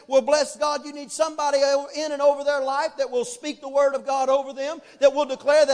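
A man preaching a sermon as pastor, fervent and building to shouted emphasis, with drawn-out dramatic phrasing. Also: very high-pitched, flat delivery, big-room sound. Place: church sanctuary.

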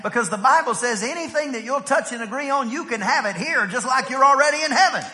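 A man preaching in a church, his voice very high and ringing bright. He tells family stories and climbs to shouts, with a long reverb from the hall trailing his words. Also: expressive, fast talker, few pauses. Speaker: pastor. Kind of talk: sermon. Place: church sanctuary.

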